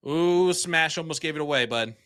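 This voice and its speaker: A young man doing casual, excitable live darts commentary from a small streaming room, chatty with lots of fillers. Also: fairly high pitch, normal speed, smooth, no echo, clean studio sound.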